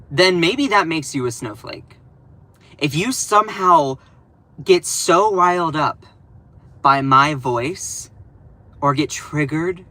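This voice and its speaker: A young man speaking in a casual commentary vlog, his voice a touch high and notably bright. He rants sarcastically and stays animated throughout, with plenty of fillers and side remarks. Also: low-quality recording. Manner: animated, sarcastic, quick asides with many fillers. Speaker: political commentator.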